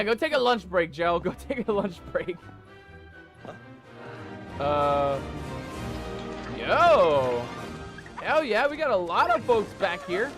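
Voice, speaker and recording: A man streaming live games, playing a playful pirate captain who hypes up his viewers with lots of repetition. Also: high voice. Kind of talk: live game stream commentary.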